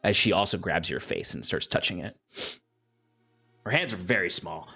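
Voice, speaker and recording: A man's voice: low voice, animated, normal speed, pushed and bright, husky, soft background music. A man narrating as game master of a tabletop game, rambling with fillers and laughter.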